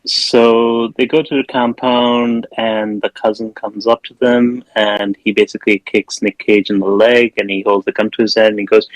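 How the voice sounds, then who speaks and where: A man's voice: on the low side, flat delivery, moderate pace, few pauses, dry recording, low-quality recording. Rambling man recapping a film. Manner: rambling, with many fillers and restarts. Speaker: podcast host.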